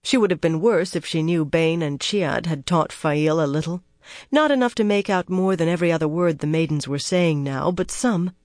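An audiobook narrator giving a steady, measured reading of fantasy prose. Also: medium pitch, no room sound, studio quality.

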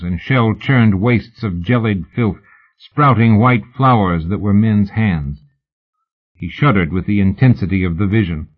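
A man narrating a novel in a measured, even storytelling manner. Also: fairly low pitch. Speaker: audiobook narrator. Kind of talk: scripted narration. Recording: narrow phone-like audiobook sound.

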